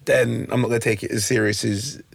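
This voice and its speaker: A young man, a comedian guest on a podcast, telling animated stories and laughing often. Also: medium pitch, a little fast, creaky, slightly rough, no room sound. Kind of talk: casual podcast chat.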